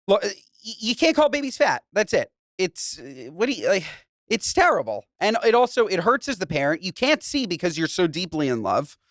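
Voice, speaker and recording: Guy cohosting a podcast, laughs a lot, swears, super bouncy pitch. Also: dry recording, clean studio sound. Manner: animated, laughing often, crude joking; reads a listener letter aloud. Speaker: podcast co-host. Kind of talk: casual chat.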